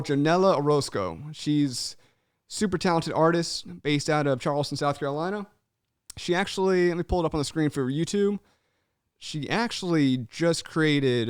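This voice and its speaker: A man's voice: on the high side, clean tone, no echo, clean studio sound. A young man hosting a podcast, chatting casually and animatedly, swearing freely and calling everyone "man.". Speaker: podcast host. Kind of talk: casual chat.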